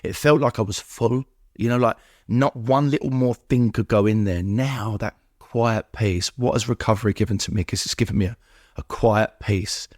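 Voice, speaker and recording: A man with a fairly low voice speaks earnestly as a podcast guest, piling up words in rhythmic lists and circling back on his points. The sound is close and dry, with no room around it. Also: moderate pace, no echo. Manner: earnest, repetitive, lists things in rhythmic runs. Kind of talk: emotional heartfelt conversation.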